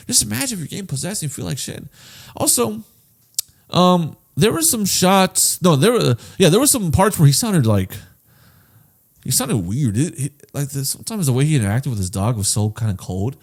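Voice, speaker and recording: Animated, swearing podcast guy. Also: fairly high pitch, fairly quick, slightly rough. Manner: animated, profane, acts out quoted voices. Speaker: podcast co-host. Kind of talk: casual chat.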